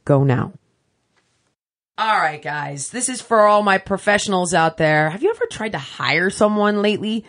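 A woman's voice: mid-range voice, lively intonation, moderate pace, a bit bright. A woman host reading sponsor ads in a chatty, emphatic way, with casual asides. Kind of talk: casual ad read.

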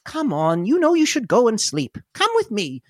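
A woman's voice: fairly high pitch, huge pitch swings, normal speed, no echo, clean studio sound, pitched above the performer's own voice. A woman voicing a fussy older lady who soothes a crying child. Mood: soothing.

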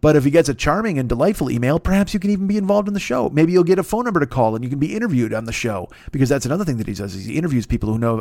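A man's voice: on the high side, animated, rapid-fire, few pauses, a little mellow, no echo, studio quality. A man hosting a podcast, doing rambling, profane, joking ad reads in a casual chat style. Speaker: podcast host.

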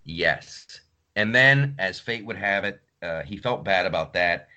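A man's voice: low voice, animated, a little slow, pushed and bright, highs cut off. A man telling a story in casual podcast chat, acting out other people's lines. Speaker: podcast host.

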